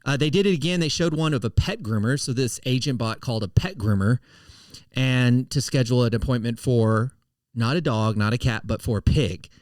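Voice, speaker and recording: A man's voice: medium pitch, normal speed, dry recording. A middle-aged man hosting a podcast, talking in a casual, conversational way with frequent restarts. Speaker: podcast host and financial firm CEO.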